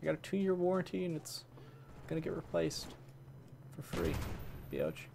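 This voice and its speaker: A man's voice: high voice, level tone, normal speed, vocal fry. Man grumbling over game gunfire. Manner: grumbling, swaps swears for mild words, talks to enemies. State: voice worn from long recording. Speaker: gaming channel host. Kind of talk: casual gameplay commentary. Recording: game gunfire noise behind voice.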